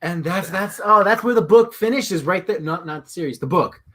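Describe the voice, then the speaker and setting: A man's voice: high voice, animated, moderate pace, bright, forceful tone. A man reviewing comic books in casual chat, reacting with enthusiastic praise.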